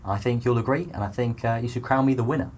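A man's voice: medium pitch, fast, a little mellow, a little hiss or hum, close to an everyday voice. A man doing a loose celebrity impression in comedy improv, a rambling, hesitant, self-promoting beer seller. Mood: boastful. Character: man's mock film-star impression, pushy beer seller.

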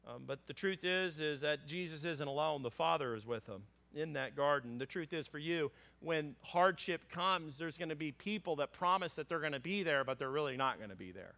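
A man preaching a sermon as pastor, conversational and animated, with frequent fillers and acted-out lines for scripture characters. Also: on the high side, moderate pace, gravelly, few pauses. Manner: acts out scripture characters in a raised voice.

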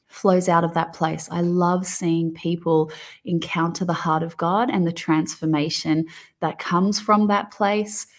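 A woman's voice: fairly low pitch, creaky. A woman with an Australian accent co-hosting a faith podcast, speaking earnestly and from the heart. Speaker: podcast co-host. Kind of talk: casual faith podcast chat.

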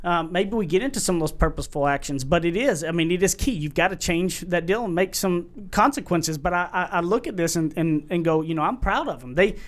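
A man's voice: high voice, brisk, few pauses. A man hosting a podcast in casual chat, rambling and self-promoting. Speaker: podcast host.

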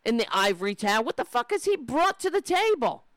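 A woman's voice: on the high side, very animated, a little fast, no room sound. A woman ranting in angry, profane, sarcastic commentary as she reacts to political clips.

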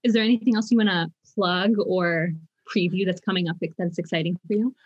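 A woman's voice: fairly low pitch, fairly even intonation, a little fast, husky, no echo. A woman asks friendly, upbeat interview questions in a mid-range voice. Her audio is dull and muffled, as over a video call. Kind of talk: casual interview.

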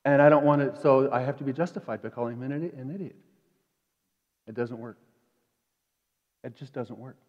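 A man preaching a sermon in a conversational way, dropping to quiet asides and rising to emphatic peaks. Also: medium pitch, a little fast, long pauses. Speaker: pastor. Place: church sanctuary. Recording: dull echoey church hall.

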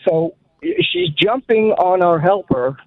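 A man from Long Island calls in to a radio show and tells a long, rambling story with a wry edge. His voice comes through a tinny, narrow phone line, sounds a little high for a man, and has almost no room echo. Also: wildly swooping pitch, slow pace, vocal fry. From Long Island, New York. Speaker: caller. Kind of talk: phone-in conversation. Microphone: telephone.

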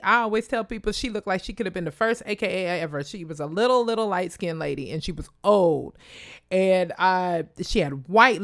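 A woman from Kansas telling a personal story in a casual, animated way, acting out other people's voices. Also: dry recording, studio quality. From Wichita, Kansas, USA. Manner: animated, acts out quoted voices in a high pitch; addresses listeners directly and casually.

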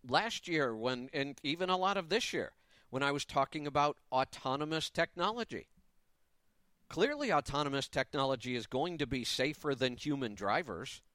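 A man's voice: medium pitch, lively intonation, normal speed, fairly bright tone, no echo, clean studio sound. A man in his fifties hosting a live talk radio show, giving an opinionated, emphatic monologue with a touch of sarcasm.

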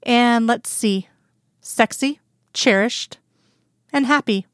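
A woman voicing a sleepy, affectionate woman lover in a storybook reading, soft and teasing. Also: a little high, slow pace, clean tone, dry recording, studio quality. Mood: teasing, tender.

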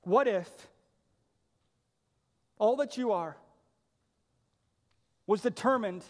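Brief: male pastor, high voice, earnest emphatic sermon, rhetorical questions, long hall reverb. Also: drawn-out words.

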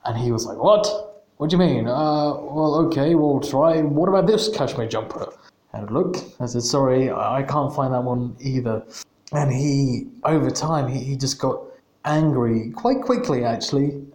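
Male podcast host, casual storytelling, stop-start delivery with self-repeats, mid pitch, echoey room. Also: darkish tone. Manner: halting, repeats words, laughs at himself. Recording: roomy echo.

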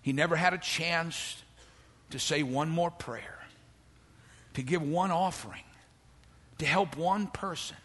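Older preacher man swinging from whispers to shouts. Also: fairly high pitch, takes it slowly, long pauses, big-room sound. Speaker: pastor. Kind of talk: sermon. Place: church.

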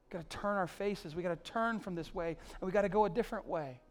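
Male pastor, sermon, pleading and emphatic, voice a touch high. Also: quick pace. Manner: pleading, rising to emphatic peaks then dropping soft.

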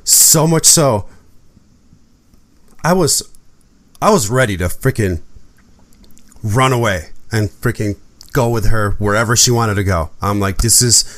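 A man's voice: lowish voice, measured pace, long pauses, a bit bright, no room sound. A man hosting a podcast, telling a personal story in casual chat, acting out quotes and swearing freely. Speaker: podcast host.

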